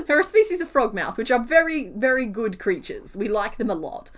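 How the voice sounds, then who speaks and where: A woman's voice: fairly high pitch, sing-song, unhurried, slight background noise. Giggly chatty woman streamer. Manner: chatty, giggly, rambling with many fillers. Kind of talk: casual live-stream chat while crocheting.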